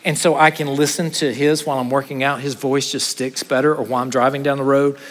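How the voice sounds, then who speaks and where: A man, a pastor preaching an earnest sermon to his congregation, trading quick asides for slow, stressed points. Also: mid-range voice, flat delivery, long reverb tail. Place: church sanctuary.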